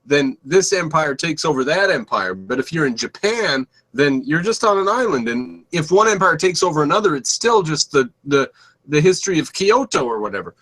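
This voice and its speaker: A man's voice: fairly high pitch, sing-song, moderate pace, a bit bright. A man in a casual chat, blunt and joking, swearing as he talks.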